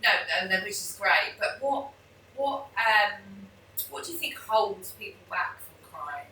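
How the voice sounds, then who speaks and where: A woman hosting a podcast interview, asking gentle, supportive questions. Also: medium pitch, lively intonation, unhurried, slight background noise. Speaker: podcast host. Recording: echoey room, mic at a distance.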